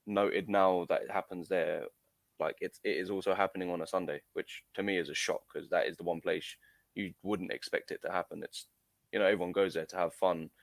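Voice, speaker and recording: Deep-voiced and brisk, with fairly even intonation and some vocal fry, a young amateur footballer recounts a story as an interview guest. His telling is casual but halting, packed with fillers and restarts, and there's no room sound.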